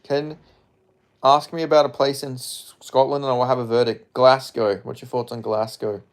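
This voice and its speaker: Speaking at a moderate pace with a level tone and mid-range pitch, this Australian-accented man from Perth, Western Australia, hangs out casually on a live stream. Reading chat, he jokes, rambles, curses openly, and mutters little asides under his breath.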